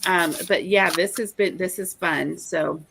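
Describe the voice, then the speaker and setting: A sleepy woman hosting a late-night livestream, yawning and talking in a halting way with many fillers. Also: lowish voice, creaky, fairly bright tone, a little hiss or hum. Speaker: livestream host.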